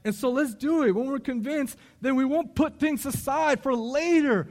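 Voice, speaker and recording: A man's voice: extremely high pitch, moderate pace. A middle-aged man preaching a sermon in a conversational, emphatic storytelling way.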